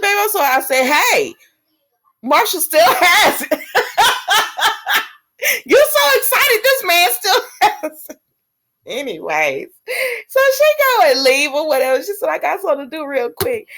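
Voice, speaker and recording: A woman casually recapping a soap episode, acting out the characters' lines and laughing at the drama. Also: lowish voice. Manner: animated, laughs often, acts out characters' lines in quoted voices. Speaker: soap opera recap vlogger.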